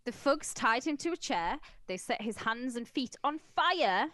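A woman's voice: fairly high pitch, a little slow, dry recording. A woman from England, co-hosting a comedy podcast and telling stories in a blunt, profane way. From northern England. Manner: profane, blunt, animated storyteller. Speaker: podcast co-host. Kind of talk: casual comedic chat.

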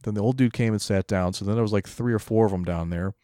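A man's voice: on the low side, fast, mellow, no echo, studio quality. A man co-hosting a podcast, ranting in a casual, profane, mocking way. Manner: ranting, heavy swearing, mocking imitations. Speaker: podcast co-host.

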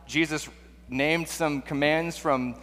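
A man's voice: on the high side, steady tone, slow pace, a bit bright. A man preaching a sermon in a conversational way, full of rhetorical questions and restarts. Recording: long hall reverb.

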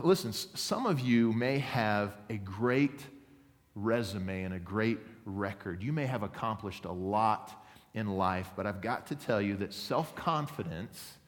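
A man, a pastor, preaching a sermon, telling stories and acting out quotes, and asking the congregation for an amen. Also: medium pitch. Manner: storytelling with acted quotes, asks for an amen. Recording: long hall reverb.

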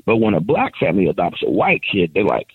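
A man chatting casually as a guest, telling stories with lively acted-out quotes of other people. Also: low-pitched, fast, breathy edge, dry recording, phone-quality sound. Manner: animated storyteller acting out other people's lines. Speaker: guest, adoptive father. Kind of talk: casual podcast chat.

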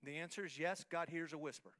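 A man pastor preaching a sermon in a church, moving from soft talk to shouted, rhythmic, repeated lines. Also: fairly high pitch, quick pace. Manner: repetitive, rhythmic emphatic phrasing. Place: church hall, live-streamed service.

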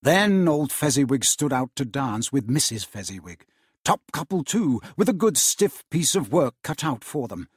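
Husky man reading with lively expression. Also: medium pitch, moderate pace, no room sound, studio quality. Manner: animated, theatrical storytelling. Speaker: teacher reading aloud.

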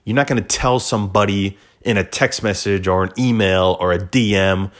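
A man's voice: low-pitched, moderate pace, fairly bright tone. A young man hosting a solo podcast, rambling casually with lots of profanity, fillers and restarts. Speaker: podcast host.

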